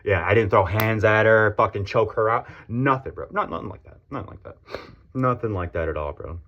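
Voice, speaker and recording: Low-voiced man ranting, blunt and profane. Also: a little fast, fairly bright tone. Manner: blunt and profane, heavy slang. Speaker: vlogger. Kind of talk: casual storytelling rant. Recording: dull lo-fi audio.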